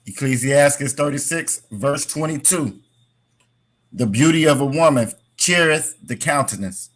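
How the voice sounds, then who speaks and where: A man in a class reading scripture verses aloud in a plain, measured way. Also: medium pitch, fairly bright tone.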